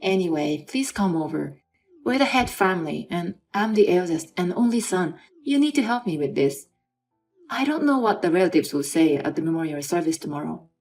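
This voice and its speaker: A woman's voice: lowish voice, animated, moderate pace, a little mellow, faint music behind. A woman voicing a selfish, demanding young husband in a scripted story reading, in her own plain voice. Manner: demanding, dismissive.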